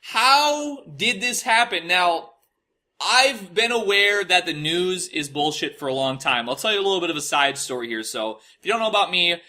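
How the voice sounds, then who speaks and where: A man's voice: a little high, animated, a little fast, few pauses, bright, forceful tone. A young man from Minnesota telling a rambling, profane story in casual talk, acting out the quotes with mocking voices. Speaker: podcast host telling a story.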